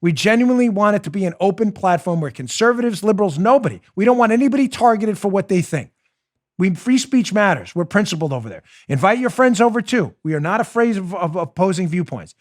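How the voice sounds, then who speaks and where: A middle-aged man hosting a political talk show, sarcastic and mocking, often breaking into loud theatrical ranting. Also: high voice, very animated, quick pace. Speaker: host.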